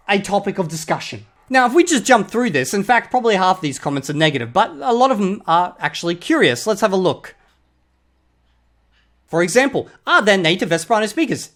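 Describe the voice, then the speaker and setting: Australian vlogger, mid-pitched, blunt and sweary; punctuates rants with "okay?". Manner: blunt and profane, repeatedly drops a prodding "okay?". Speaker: YouTuber critiquing online comments. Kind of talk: casual commentary.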